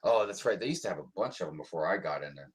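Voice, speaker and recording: A man's voice: sits low, rapid-fire, breathy edge. An American man co-hosting a livestream, chatting casually and rambling with lots of ums. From United States. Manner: relaxed, rambling with many ums. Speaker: livestream co-host. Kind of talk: casual chat.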